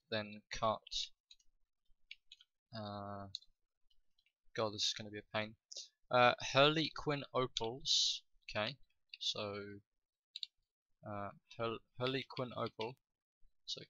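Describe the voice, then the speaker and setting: Slow, bright-voiced man narrating gameplay. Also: fairly low pitch, dry recording, highs cut off. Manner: slow, thinking aloud with many fillers. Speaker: gaming video host. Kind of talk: casual gameplay commentary.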